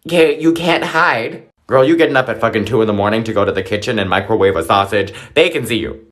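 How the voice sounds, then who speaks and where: A man's voice: lowish voice, fast talker, a bit bright. A young man delivering a profane, exaggerated comedic rant monologue.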